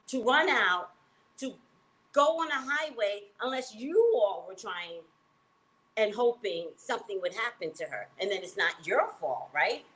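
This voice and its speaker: A woman who works as a psychic reader, telling a personal story in an emphatic, animated way and acting out the dialogue. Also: mid-range voice, rough recording.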